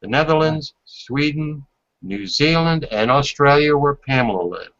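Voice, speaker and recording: A man's voice: on the high side, lively intonation, unhurried, fairly bright tone. Man, host, reading a report aloud with asides, lo-fi video call audio. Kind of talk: casual video call chat.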